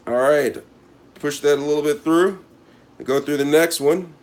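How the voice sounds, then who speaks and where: Man, cooking host, fairly high voice, mock-serious running commentary while he works. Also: unhurried. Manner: mock-serious, repeats a catchphrase, talks to viewers as he works. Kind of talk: casual cooking demonstration to camera.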